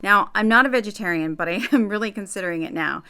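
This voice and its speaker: Female host, chatty and dramatic commentary to camera, mid-pitched voice with casual asides. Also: quick pace, sharp tone, soft background music. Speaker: YouTube host.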